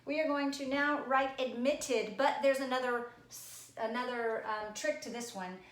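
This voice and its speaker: A woman teacher giving a recorded spelling lesson, playful and teasing, sounding words out slowly. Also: high voice, steady tone, reverberant.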